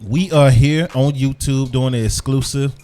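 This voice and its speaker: A man's voice: mid-range voice, unhurried, noisy background. A man hosting a sports podcast in a loose, casual chat style, repeating himself, chewing gum as he talks. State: chewing gum while talking. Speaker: podcast host.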